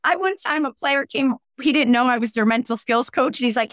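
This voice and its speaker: Animated woman coach, dry close sound. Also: high-pitched, fairly quick, no echo. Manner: animated, acts out quoted voices. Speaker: mental skills coach. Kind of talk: casual interview talk.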